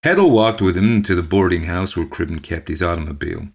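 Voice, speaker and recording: A man narrating a ghost story aloud for a podcast in a measured, steady way. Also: sits low, vocal fry.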